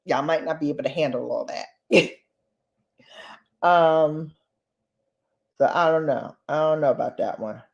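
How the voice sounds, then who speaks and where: A woman from the Bronx with a New York accent chats at a relaxed, unhurried pace while she does her makeup. Her voice sits low for a woman, but she often leaps up into high, animated bursts. She talks playfully and directly to her viewers. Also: creaky, lo-fi sound. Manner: chatty, playful, addresses viewers as babes; animated with sudden high pitch jumps. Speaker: beauty vlogger. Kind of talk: casual chat while doing makeup.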